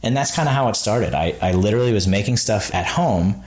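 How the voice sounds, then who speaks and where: A man's voice: fairly low pitch, animated, a little fast, a little mellow. A man, a podcast guest, telling his founding story casually and acting out the people he quotes, with many "like"s. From Florida.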